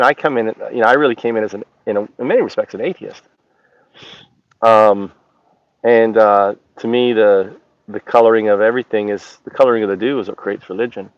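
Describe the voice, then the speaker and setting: A man recounting his experience in a halting, rambling monologue, often stopping to search for words. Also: lowish voice, no room sound. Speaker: channel host. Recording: dull lo-fi recording.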